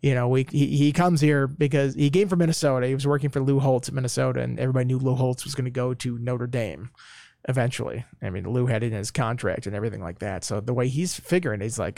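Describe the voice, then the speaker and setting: A man talking casually on a podcast as a sports reporter, telling stories with quick asides. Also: mid-range voice, mellow, dry recording, studio quality. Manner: chatty storyteller, quick asides.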